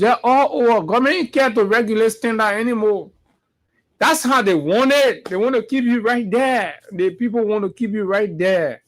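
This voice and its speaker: A man's voice: high-pitched, a little mellow. A man with a Liberian English accent hosting a morning show, giving impassioned political commentary and repeating phrases for emphasis.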